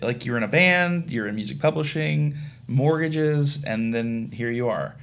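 A man's voice: medium pitch, measured pace, gravelly, fairly bright tone. A man hosting a podcast who asks the guest questions in a loose, casual way. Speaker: podcast host. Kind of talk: casual interview chat.

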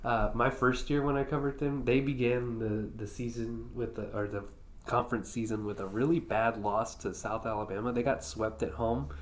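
A congested young man talks sports on a casual podcast, his nose audibly stuffed up. He rambles, stops to correct himself and slips in jokes. His pitch stays in an ordinary middle range. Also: fairly even intonation, normal speed. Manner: joking, rambling, self-correcting. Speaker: podcast co-host, sports reporter.

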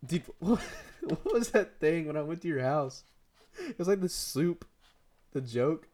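This teen boy podcast co-host has a fairly high, slightly mellow voice with lively intonation and an unhurried pace, and a little hiss or hum is audible. He rambles in slang and laughs often during the friendly chat.

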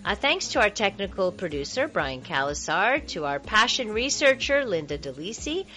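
A woman's voice: medium pitch, bright, forceful tone. A woman hosting a radio talk show, chatting casually with many fillers and restarts.

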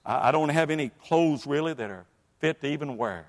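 A humbled young man, ashamed and asking to come home, as a male preacher acts him out. He speaks low and halting, stumbling over his words. The long echo of a church hall hangs after him. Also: expressive. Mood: contrite. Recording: long reverb of a large hall.

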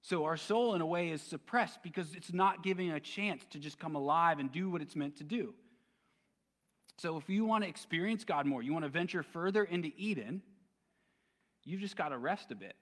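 A man's voice: on the high side, normal speed, fairly bright tone, big-room sound. A man preaching a sermon as pastor, conversational and casual, with plenty of slang. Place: church sanctuary.

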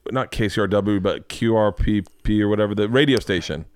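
A man hosting a podcast, an animated storyteller who swears freely and drops into voices for the people he quotes. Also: on the low side, a little fast, clear, resonant tone, no echo, clean studio sound. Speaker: podcast host. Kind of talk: casual podcast interview.

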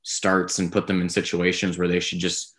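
A man co-hosting a podcast, talking through his views in a casual, rambling, measured way. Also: low-pitched, completely flat delivery, fairly bright tone. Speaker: podcast co-host. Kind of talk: casual sports talk.

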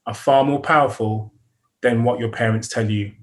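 A man's voice: medium pitch, fairly even intonation, moderate pace. A middle-aged British man, a podcast guest, tells his story earnestly. He repeats words as he thinks and chuckles often. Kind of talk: reflective interview storytelling.

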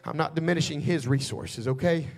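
A preacher with a notably high male voice tells a homespun church story in a conversational drawl. His delivery swings from low, easy storytelling up to fervent, shouting declarations. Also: a little fast. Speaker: pastor. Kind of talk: storytelling sermon.

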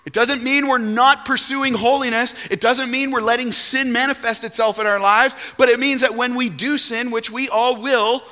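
A man preaching a sermon as pastor, emphatic and animated, now and then breaking into song. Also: very high-pitched, normal speed, hardly any pauses, long reverb tail.

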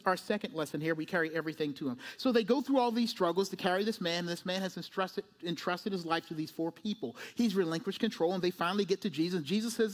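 A male pastor preaching a sermon in an animated way, acting out voices and often asking "right?". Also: high-pitched.

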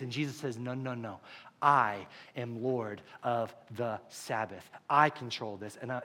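A young man preaching a conversational, animated sermon full of stories. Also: medium pitch. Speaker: pastor.

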